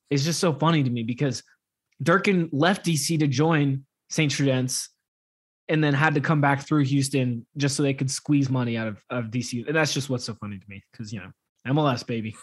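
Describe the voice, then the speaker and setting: A man co-hosting a casual soccer podcast, talking in an emphatic, opinionated way. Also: medium pitch. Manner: emphatic, opinionated, quick to laugh at the league. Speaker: podcast co-host.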